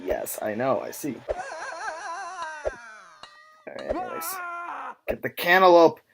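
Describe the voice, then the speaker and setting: A male YouTuber giving casual, rambling gameplay commentary, excitable and quick to laugh. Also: fairly high pitch, vocal fry. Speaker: YouTube gamer.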